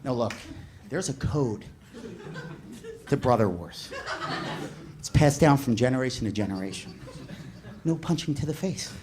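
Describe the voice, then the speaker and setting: A male stand-up comedian telling a story with animated delivery, acting out shouting characters. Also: medium pitch, a little slow, pauses often, noisy background.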